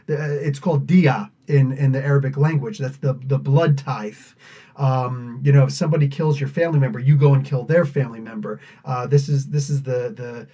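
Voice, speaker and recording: Man, podcast host, rambling casual chat, mellow husky voice, dull lo-fi sound. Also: medium pitch. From United States. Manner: rambling, chatty, laughs often. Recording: dull lo-fi audio.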